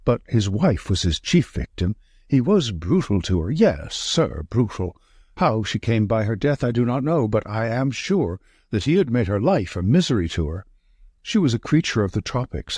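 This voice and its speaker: Male reader doing a jittery estate manager, urgent and out of breath, husky. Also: on the low side, very animated, normal speed, a little mellow, no room sound, clean studio sound. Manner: breathless, urgent short sentences. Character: nervous, frightened thin male estate manager.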